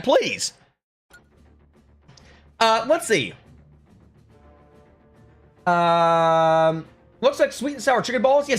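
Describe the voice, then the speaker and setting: A man's voice: high voice, a bit bright. A man chatting casually with his live stream chat, reading out and answering messages. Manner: chatty, reads chat aloud, upbeat. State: chewing food at times. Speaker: livestreamer.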